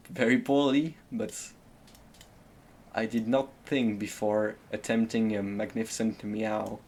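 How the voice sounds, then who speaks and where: Low-voiced French-accented man musing over a game. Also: a little mellow, slight background noise. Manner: musing, murmuring to himself while deciding. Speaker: streamer. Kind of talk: gameplay commentary, thinking aloud.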